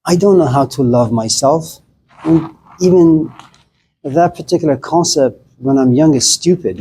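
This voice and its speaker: A middle-aged man giving a philosophy lecture in a conversational, animated way, telling stories and acting out the people in them. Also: medium pitch, a little hiss or hum, poor audio. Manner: conversational, animated, acts out quoted voices.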